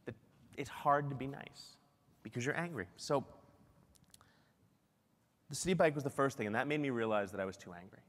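A middle-aged man giving a lively, self-deprecating keynote talk at a conference. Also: mid-range voice, moderate pace, long pauses, in a large hall. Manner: animated, self-deprecating storytelling. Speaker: keynote speaker. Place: large conference hall.

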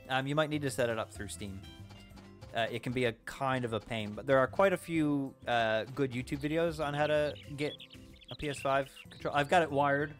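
A young Canadian man streaming a farming game, chatting casually with viewers, excitable and apologetic, sometimes shouting. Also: a little high. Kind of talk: casual live-stream chat. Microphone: desk mic.

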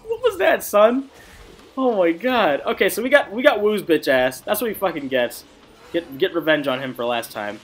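A young man giving excitable gameplay commentary, swearing often and laughing a lot. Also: fairly high pitch, normal speed. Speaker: gamer.

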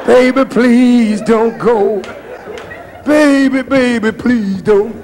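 A man voicing a syrupy lover who croons slow, drawn-out pleas to a woman. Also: very high voice, a little mellow, faint music behind, a faint crowd, exaggerated voice. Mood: pleading.

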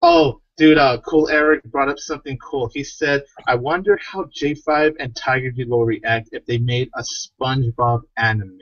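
A man's voice: mid-range voice, fairly even intonation, normal speed, hardly any pauses, a bit bright, dry recording. A man co-hosting a casual livestream, reading out viewers' questions and chatting. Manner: reads viewer questions aloud. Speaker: livestream co-host. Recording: dull lo-fi stream audio.

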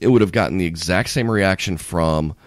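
A man's voice: deep voice, a little fast, dry recording, clean studio sound. A man co-hosting a podcast, rambling in casual chat with many restarts. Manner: rambling, restarts often, animated. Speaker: podcast co-host.

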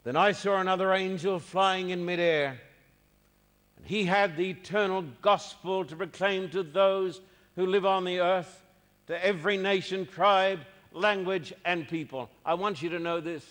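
A man's voice: sits high, steady tone, unhurried, fairly bright tone, big-room sound. A man preaching a sermon, emphatic and repeating his key phrases.

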